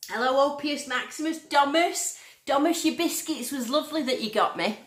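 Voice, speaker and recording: A woman's voice: high voice, normal speed, a bit bright. Chatty woman in an echoey room. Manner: chatty and bubbly, greeting viewers one by one. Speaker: livestream host. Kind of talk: casual live chat reading out viewer names.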